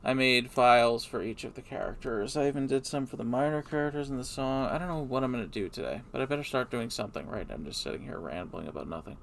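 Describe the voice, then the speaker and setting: A man's voice: mid-range voice, quick pace, gravelly, hardly any pauses, fairly bright tone, a little hiss or hum. A man streaming live, rambling in a hesitant, mumbling, self-deprecating way.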